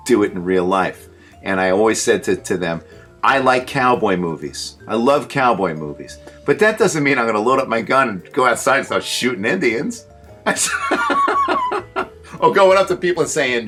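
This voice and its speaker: A man hosting a casual show, telling comic stories in an animated way and laughing at his own jokes. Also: medium pitch. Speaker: show host. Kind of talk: casual comedic storytelling.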